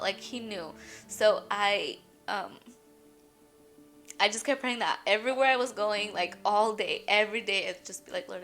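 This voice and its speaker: A young woman with a bright, clear voice tells a personal faith story in a rambling, chatty vlog style, peppering it with "you guys" and "like." She sounds shaky and tearful, caught between laughing and crying. Soft music plays faintly behind her. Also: mid-range voice. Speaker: boutique owner sharing a faith testimony. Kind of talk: emotional personal testimony vlog.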